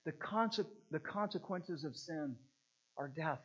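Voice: medium pitch, animated, takes it slowly, lo-fi sound. An earnest preacher teaching a catechism lesson as a sermon, repeating rhetorical questions to press the point home.

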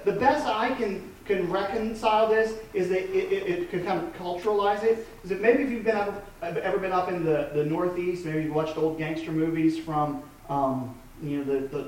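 A man's voice: high voice, darkish tone, slight background noise. Echoey preacher man in his thirties. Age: 30s. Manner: conversational, with frequent restarts and fillers. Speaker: pastor. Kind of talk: sermon. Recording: echoey room from a distant mic.

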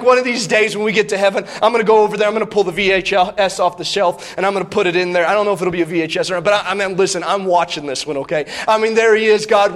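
High-voiced man preaching an animated sermon. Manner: animated storytelling, acts out biblical characters.

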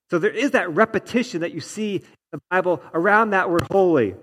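A man with a high-pitched voice preaches a sermon, teaching emphatically and leaning on repetition. His voice rings out in a church sanctuary with a long reverb tail. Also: brisk, few pauses, a bit bright. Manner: emphatic, teacherly, repeats words for stress. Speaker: pastor.

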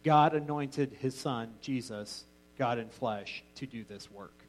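A man's voice: mid-range voice, slow, poor audio. A man teaching an informal Bible class in a casual, joking way, often restarting his sentences.

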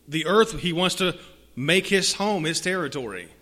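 A man preaching a sermon, swinging from hushed lines to loud emphatic ones and reading scripture aloud with repeated rhetorical phrases. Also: a little high, animated, normal speed.

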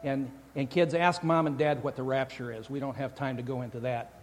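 In a church sanctuary, a pastor delivers a sermon loosely and jokingly, often restarting his sentences. His medium-pitched voice is steady and fairly quick, with long church hall reverb and a little hiss or hum in the recording.

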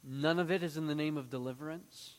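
A man's voice: on the high side, brisk, big-room sound. A man teaching through a Bible passage, reading it aloud and acting out the quoted lines in a raised voice.

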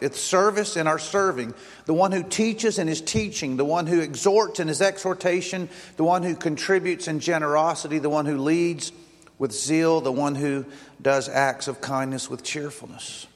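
A fairly high-voiced man preaching from the pulpit, with long reverb trailing after his words. He repeats phrases for emphasis and reads out lists one word at a time. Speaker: pastor. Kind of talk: sermon. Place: church sanctuary.

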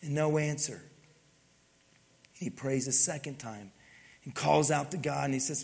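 A man preaching a sermon to his congregation, often dropping to a hushed, intimate tone. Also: on the high side, a little slow, vocal fry, in a large hall. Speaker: pastor. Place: church sanctuary.

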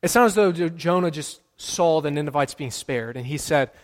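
A man's voice: a little high, lively intonation, moderate pace, few pauses. A man preaching a sermon as pastor, emphatic and repeating his key lines for weight. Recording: long hall reverb.

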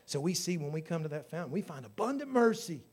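A man's voice: fairly high pitch, big pitch swings, quick pace, a little mellow, husky. A man preaching a sermon, emphatic, with surges in volume on key phrases as he tells stories. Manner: storytelling preacher.

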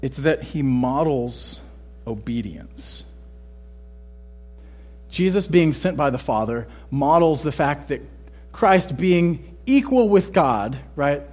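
A man from Texas, with no regional accent, preaches in a relaxed, conversational way, often tagging his points with "right?". His voice is slightly husky and sits a touch high for a man. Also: slow pace. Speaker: pastor. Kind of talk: sermon.

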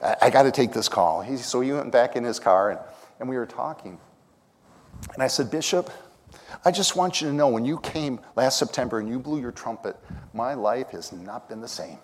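A man's voice: medium pitch, moderate pace. Preaching man in a reverberant church. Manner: storytelling, sings lines of songs, rises to shouts. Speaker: pastor. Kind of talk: sermon. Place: church sanctuary. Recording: long hall reverb.

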